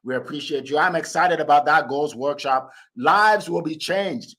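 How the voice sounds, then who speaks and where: A man hosting a live motivational call, his voice sitting slightly high for a man. He talks in a loose, upbeat way, hyping each speaker and laughing easily as he hands over the floor. The sound is of a voice on an audio call. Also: moderate pace, hardly any pauses, fairly bright tone. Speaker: host. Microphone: phone or computer on an audio call.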